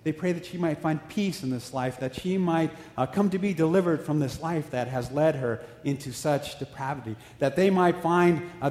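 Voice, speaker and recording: Animated male preacher in echoey hall. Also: fairly high pitch. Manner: animated storytelling, voicing characters in dialogue. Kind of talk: sermon storytelling.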